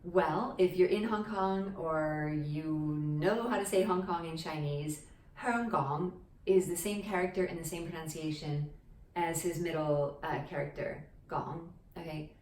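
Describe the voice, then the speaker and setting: This woman's voice sits low, a little slow and mellow, as she teaches a language at a board in a relaxed, talkative way. She walks through each step and keeps checking in with "okay?" The room echoes and the microphone is far off.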